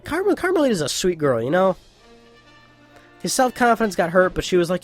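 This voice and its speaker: A man's voice: sits high, huge pitch swings, brisk, faint music behind. Young male let's-play host, rambling, profane and casual, with frequent restarts. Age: young adult. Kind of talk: casual gameplay commentary.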